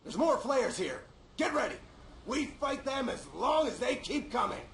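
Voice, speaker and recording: An actor playing a possessed, violent man who shouts taunts during a fight in a video game. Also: extremely high pitch, big pitch swings, normal speed, creaky, reverberant, a little hiss or hum, heavily acted. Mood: taunting.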